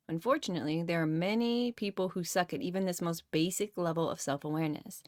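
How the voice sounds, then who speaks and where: A woman's voice: on the low side, quick pace, few pauses, a little mellow, no room sound, studio quality. A woman reading a self-help book aloud and stopping often to comment and swear casually. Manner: reads, rereads and comments with swearing.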